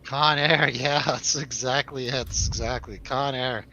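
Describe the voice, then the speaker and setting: Male co-host, bright forceful tone, laughs a lot, casual banter, faint noise behind. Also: medium pitch, steady tone, unhurried, poor audio. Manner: laughs often, jokey asides to viewers. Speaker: co-host of a film review show. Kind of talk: casual chat over drinks.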